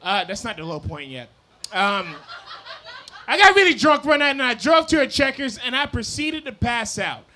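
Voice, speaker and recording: Drunk young male comic, rambling and apologetic, high and animated delivery. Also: moderate pace, a little hiss or hum. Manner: rambling, apologetic, loose and loud. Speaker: stand-up comedian. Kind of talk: stand-up set. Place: comedy club stage.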